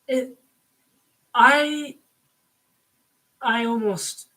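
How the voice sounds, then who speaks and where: Man, casual review rant, sharp bright tone, filler-heavy, excitable, at home. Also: very high-pitched, extremely slow. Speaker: video reviewer. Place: home room.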